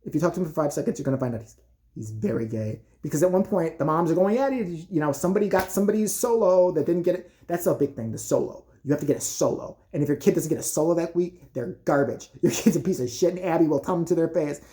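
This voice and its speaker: A woman's voice: sits low, lively intonation, fast talker, warm tone. A woman vlogger ranting in casual, profane comedic commentary.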